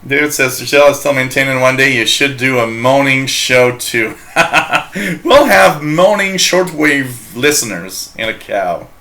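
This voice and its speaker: A man from Canada hosts a live shortwave radio chat, rambling along at an unhurried pace. His voice is bright and forward, and he jokes and laughs often while reading messages from listeners. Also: mid-range voice, expressive. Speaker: radio show host.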